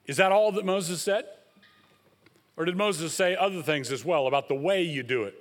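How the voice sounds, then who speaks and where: A man's voice: a little high, moderate pace, long reverb tail. A man preaching a sermon as a pastor, speaking emphatically and rising sharply when he quotes.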